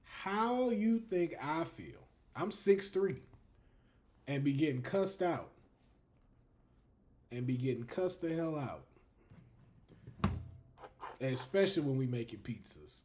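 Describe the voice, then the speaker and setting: A male livestream host speaks at medium pitch, keeping things casual and lively with his viewers. He swears freely, laughs, and lets sentences trail into drawn-out fillers.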